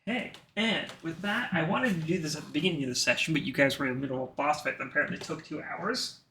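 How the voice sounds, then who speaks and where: A man serves as dungeon master for a tabletop game, easygoing and thinking out loud. His voice sits fairly high and carries a rough, gravelly fry. Faint background noise runs under it. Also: fast. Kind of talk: running a tabletop game online.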